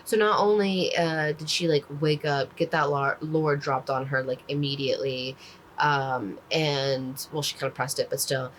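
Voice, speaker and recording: A woman's voice: deep voice, fairly even intonation, a little slow, a little hiss or hum, poor audio. A woman casually recapping a book, rambling with lots of "like" fillers and the odd swear word. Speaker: book reviewer.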